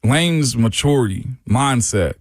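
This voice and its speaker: A man co-hosting sports talk radio, a former pro player, talking in a relaxed, thoughtful, rambling way. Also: medium pitch, measured pace, no room sound, clean studio sound. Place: radio studio.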